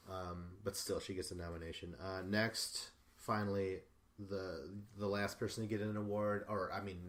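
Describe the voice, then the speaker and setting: A male podcast host talking alone in a loose, rambling recap, swearing freely and stumbling through fillers and restarts. His voice sits fairly low. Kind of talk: casual solo recap.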